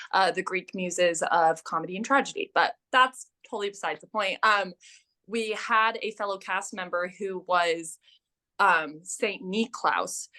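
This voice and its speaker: Twenties woman guest, animated storyteller, bright crisp tone, casual chat. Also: medium pitch. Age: 20s. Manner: animated storyteller, filler-heavy with lots of "like". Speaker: guest, renaissance fair performer.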